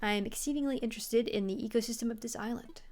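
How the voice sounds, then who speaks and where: A woman's voice: on the high side, quick pace, darkish tone, natural voice. A woman voicing a scholarly male owl museum curator, reading his formal, fussy lines from a video game in a voice close to her own. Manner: formal, fussy phrasing read from game text.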